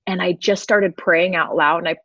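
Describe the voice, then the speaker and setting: A woman's voice: on the low side, fairly even intonation, moderate pace, fairly bright tone, no room sound. A woman in her thirties, a guest sharing an earnest personal testimony with frequent laughs. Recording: slightly dull lo-fi recording.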